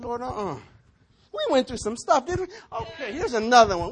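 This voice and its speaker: A man preaching a sermon, telling stories with big swings between shouting and hushed asides. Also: very high-pitched, normal speed, slightly rough. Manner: animated storytelling, swinging between shouts and near-whispers. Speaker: pastor.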